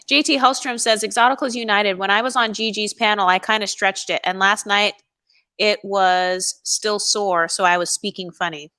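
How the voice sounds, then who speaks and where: A woman's voice: mid-range voice, steady tone, normal speed, pushed and bright. A woman co-hosting a casual livestream, agreeing readily and reading viewer comments aloud. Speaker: co-host.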